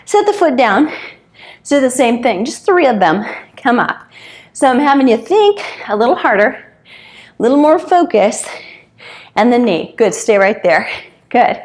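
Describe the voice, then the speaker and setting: A woman in her fifties coaching a home interval workout, counting out moves and a little out of breath as she exercises along. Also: fairly high pitch. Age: 50s. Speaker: fitness instructor.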